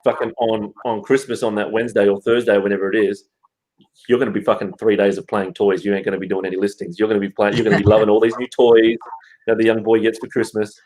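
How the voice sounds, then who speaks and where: A man's voice: on the low side, flat delivery, quick pace, a little mellow, rough recording. Swearing, joking Australian man. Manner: crude, joking, swears freely, laughs a lot. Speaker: co-host. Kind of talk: casual live-stream chat.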